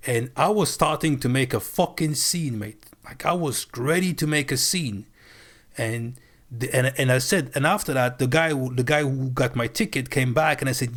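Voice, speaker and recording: Male streamer, middle pitch, animated and profane storyteller. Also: moderate pace. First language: French. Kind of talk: casual storytelling. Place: live stream.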